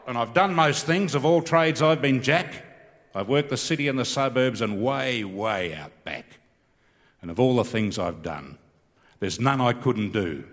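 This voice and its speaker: A middle-aged Australian man with a laconic, self-mocking manner tells a rambling comic story, then launches into rhyming bush verse. His pitch swings widely as he performs. The sound carries a long, reverberant hall tail. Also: fairly bright tone.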